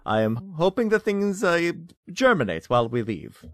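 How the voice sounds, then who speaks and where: A man running a tabletop game as game master, narrating thoughtfully with many pauses and fillers. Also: on the high side, sing-song, dry recording, clean studio sound.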